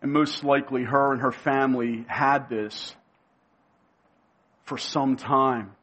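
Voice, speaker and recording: A male preacher giving a sermon. He speaks emphatically, repeats key phrases and slows down to give them weight. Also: medium pitch, steady tone, fairly bright tone, slightly rough, muffled recording.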